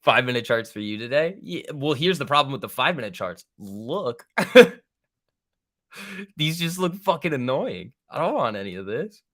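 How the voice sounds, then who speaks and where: A young man with a bright, forceful voice runs casual live market commentary on a trading stream. He talks in loose bro slang, swears freely and banters with his chat as he reads the charts. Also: mid-range voice, big pitch swings, moderate pace. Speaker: stock trading livestream host.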